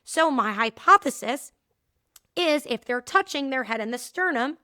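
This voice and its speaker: A woman in her thirties hosting a solo podcast, telling stories and teaching in a candid, animated way with frequent laughs. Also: sits high, measured pace, clean tone, no echo, studio quality. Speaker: podcast host and movement teacher. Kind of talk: casual solo podcast talk.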